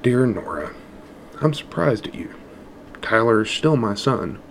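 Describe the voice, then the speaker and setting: A man's voice: medium pitch, very animated, measured pace, creaky, a little hiss or hum. A man voicing a smug, callous estranged father who talks with mocking amusement.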